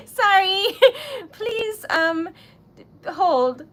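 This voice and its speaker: A woman's voice: sits high, animated, slow pace, fairly bright tone. A woman hosting a casual craft livestream, chatty and easily flustered, laughing often. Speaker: livestream host making wax seal stickers.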